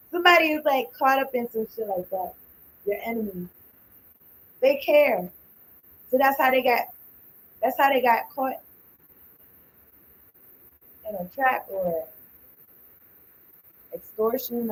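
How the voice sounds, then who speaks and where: Woman, tarot reader, husky tone, rambling off-the-cuff delivery with blunt slang. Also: high voice, a bit bright, rough recording. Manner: rambling, thinking aloud, trailing off; blunt and informal, with slang and swearing. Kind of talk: casual spoken tarot reading.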